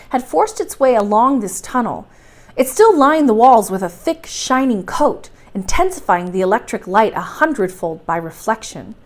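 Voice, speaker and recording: Woman reading a bedtime story. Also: on the high side. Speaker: library storytime reader.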